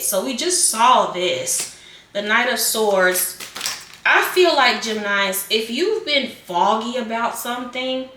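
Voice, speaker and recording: A woman giving a casual tarot reading in a bright, clear voice, talking in a loose, rambling way with plenty of fillers. She sits a little back from the mic, and the room around her rings with echo. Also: medium pitch, recorded from a distance, slight background noise. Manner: chatty, rambling, repeats phrases and fillers. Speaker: tarot reader.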